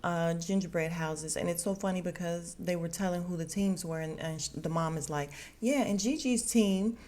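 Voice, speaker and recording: A young adult woman hosting a podcast, recapping a TV show in a chatty, animated way, full of slang and laughter. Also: on the low side, a little fast. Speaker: podcast host. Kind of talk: casual TV recap chat.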